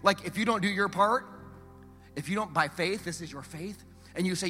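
A man preaching a sermon as a pastor, telling the story in a lively, conversational way, swinging from loud urgency to hushed emphasis and putting rhetorical questions to the congregation. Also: high voice, normal speed, long reverb tail, faint music behind.

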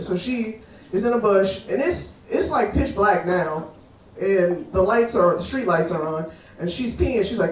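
A woman's voice: medium pitch, normal speed, far from the mic, slight background noise. A woman telling a funny story on stage at a live show, swearing freely and laughing as she talks. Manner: animated, swearing, laughing often. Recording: live room, roomy, crowd audible.

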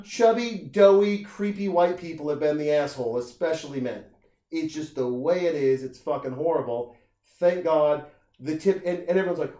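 A middle-aged man in casual comedic conversation, swearing freely and slipping into quick put-on voices for the people he quotes. His voice sits somewhat high for a man, and the room around him rings with a noticeable echo. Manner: animated, profane, acts out quoted people in jumping voices. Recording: roomy echo.

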